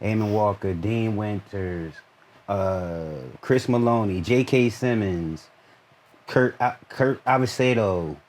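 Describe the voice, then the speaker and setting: A man's voice: on the low side, darkish tone, a little hiss or hum. Laid-back man telling stories in an interview. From Newark, New Jersey. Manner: laid-back, drawn-out anecdotes full of "you know". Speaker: actor guest. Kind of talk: casual interview storytelling.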